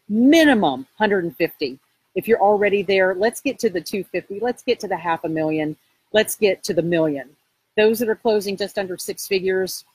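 A woman real estate coach speaking live to her viewers, pushing them with emphatic, repetitive encouragement and a sales pitch. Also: a little mellow, husky, no echo, rough recording.

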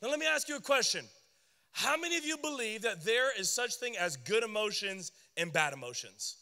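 Young male youth pastor, high and bright, animated and joking, preaching from a reverberant hall. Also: moderate pace. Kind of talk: sermon.

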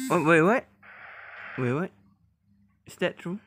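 Slow-talking man reacting with lively laughs. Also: a little high. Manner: laughs often, exclaims, halting non-native English. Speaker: reaction video host. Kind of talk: casual reaction commentary.

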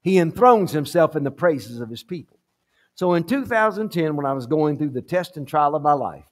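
A man preaching in a church sanctuary with a fairly high voice for a man. He leans on repeated phrases and swings between hushed asides and loud, emphatic peaks. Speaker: pastor. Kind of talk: sermon.

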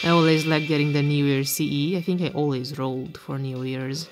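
A woman streamer casually commenting on her game pulls, excitable and swearing freely when surprised. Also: low voice, a little fast, over music. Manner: excitable, swears and shouts in disbelief. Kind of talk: casual commentary while playing. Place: bedroom.

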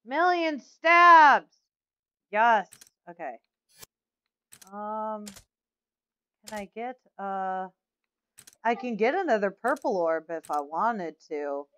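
A woman hosting a let's play, giving loud commentary full of exclamations and frustrated swearing. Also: mid-range voice, lively intonation, slow, pauses often, clear, resonant tone, no room sound. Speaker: gaming channel host. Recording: game music under the voice. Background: game music.

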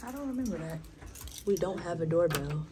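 A woman's voice: on the low side, animated, brisk. A woman in her twenties chatting casually to her viewers in a vlog. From New York. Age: 20s. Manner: chatty, addresses viewers as y'all. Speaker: vlogger. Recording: noisy background.

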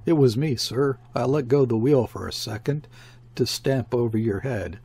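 A man's voice: medium pitch, normal speed, mellow, slightly rough. A man voicing a nervous male sailor at the helm, speaking in a rattled, jittery way.

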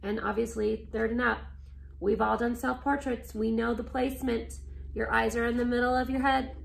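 A woman teacher reading aloud and explaining a drawing project in a lively, expressive way. Her voice sits fairly high and has heavy vocal fry. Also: normal speed, slight background noise. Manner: expressive, animated storytelling with asides. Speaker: art teacher. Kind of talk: reading a picture book aloud, then teaching.

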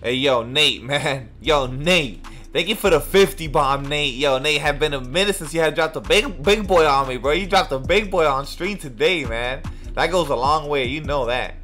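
A man's voice: on the high side, moderate pace, pushed and bright, faint music behind. A young man streaming a basketball video game, cursing and trash-talking his opponent while thanking viewers for donations. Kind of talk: live game stream commentary.

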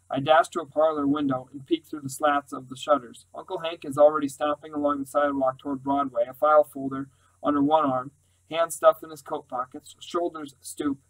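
A man's voice: a little high, poor audio. Earnest man narrating a novel. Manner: earnest, steady first-person storytelling. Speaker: audiobook reader. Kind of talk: scripted narration.

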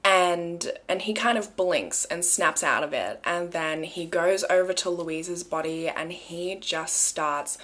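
A young woman with an Australian accent narrates a true crime case in a relaxed, conversational tone. Her voice sits a little low for a woman, and she keeps breaking off into asides and filler phrases as if chatting to a friend. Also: slow pace, few pauses.

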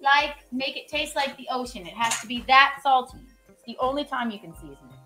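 With soft music in the background, a woman streams herself cooking and chats casually with her audience, full of jokes, rambling asides, and goofy repeated catchphrases. Her high-sitting voice is animated, bright, and forceful, moving fairly quickly.

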